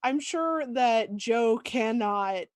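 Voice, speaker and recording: Slow-talking, enthusiastic woman. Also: a little high, lively intonation, slight background noise. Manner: enthusiastic, halting, often restarts sentences. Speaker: player in a tabletop campaign. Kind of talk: casual podcast chat.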